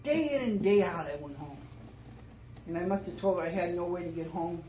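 A middle-aged man telling his story at a twelve-step meeting, starting low and emotional and rising to fervent emphasis, with many repeated phrases. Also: brisk, warm tone. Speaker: recovering alcoholic sharing his story. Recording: echoey meeting room, faint noise.

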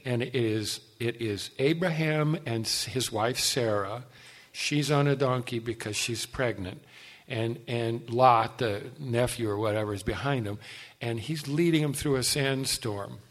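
An older man giving a personal storytelling talk about his faith, animated and self-deprecating, with frequent asides to the audience. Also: mid-range voice, measured pace. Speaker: speaker sharing his testimony.

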